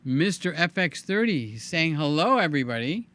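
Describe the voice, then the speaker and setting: An older man hosting a live stream in a casual, chatty way, reading viewer comments aloud with a hoarse, tiring voice. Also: medium pitch, a little slow, fairly bright tone. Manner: chatty, reads viewer comments aloud, hums filler sounds. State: hoarse, voice giving out. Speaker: livestream host.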